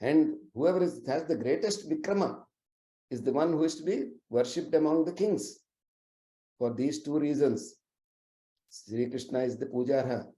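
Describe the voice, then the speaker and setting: A man's voice: mid-range voice, dark tone. A man telling sacred stories as a lecture, in an earnest, explanatory way with frequent fillers and restarts. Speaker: storyteller. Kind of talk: religious storytelling lecture. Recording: roomy echoey recording.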